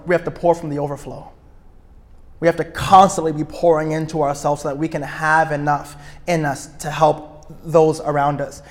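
A man speaking to a room of couples at a retreat, energetic and outgoing, often checking in with his listeners. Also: fairly high pitch. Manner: energetic, self-described extrovert; checks in with listeners, asking "right?". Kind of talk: live talk to an audience.

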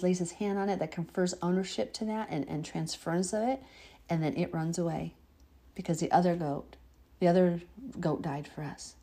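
Husky earnest woman teaching scripture. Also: on the low side, mellow. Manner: earnest, preachy, chokes up emotionally. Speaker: Bible teacher. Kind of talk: informal Bible teaching.

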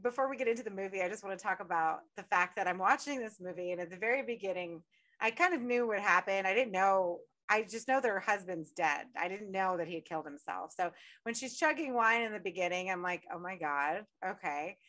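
A woman's voice: medium pitch, fast. A woman from Upstate New York hosting a casual podcast, telling stories with lots of cursing and frequent laughter. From Utica, New York. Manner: profane, laughs often, animated storytelling. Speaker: podcast host.

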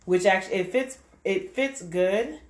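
A pregnant woman in her thirties co-hosting a casual chat, animated and quick to laugh, with an occasional cough. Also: mid-range voice. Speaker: podcast co-host. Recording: roomy, faint background noise.

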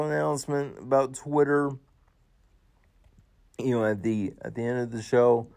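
Slow, halting emotional man. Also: mid-range voice, creaky, darkish tone. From United States. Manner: halting, many fillers and restarts. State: emotional, voice rising and choking. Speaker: show host. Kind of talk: emotional personal tribute.

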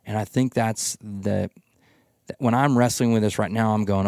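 A man hosting a podcast Bible study, telling the story with lively acted-out quotes. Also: fairly low pitch, moderate pace, creaky, dry recording, studio quality. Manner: animated storytelling, acts out voices in quotes. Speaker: podcast host. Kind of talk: casual Bible study discussion.

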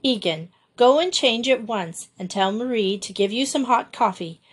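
A woman voicing a gentle young woman who cares for her little sister and soothes her. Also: fairly high pitch, expressive, normal speed, husky. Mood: soothing.

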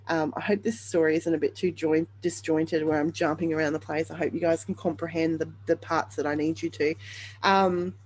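A woman's voice: on the low side, a little mellow, low-quality recording. A woman hosting a podcast, telling her own story in an earnest, open way with frequent ums and self-corrections. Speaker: podcast host sharing her birth story. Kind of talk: candid personal storytelling monologue.

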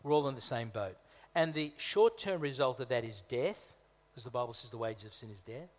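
Male guest preacher from Malta, conversational sermon, humorous asides, emphatic repeats, mid-pitched voice, long hall reverb. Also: a little fast. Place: church hall.

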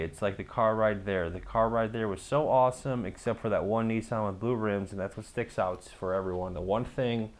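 A man telling a story in a casual vlog, rambling, swearing often and poking fun at himself. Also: lowish voice. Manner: rambling, profane, self-mocking storytelling.

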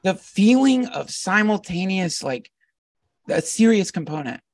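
A man, a podcast guest, telling a heartfelt personal story in an animated, earnest way and often laughing. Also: high voice, measured pace, no echo, far from the mic. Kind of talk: casual storytelling conversation.

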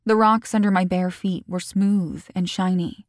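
Female author-narrator, first-person audiobook, measured and calm, slightly low pitch, dry recording. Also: dry recording. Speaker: author reading her own novel.

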